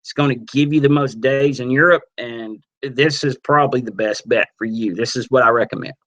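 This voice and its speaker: A man teaching a webinar on network marketing, casual and energetic, acting out little sales dialogues as he goes. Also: mid-range voice, brisk. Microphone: computer mic on a webinar.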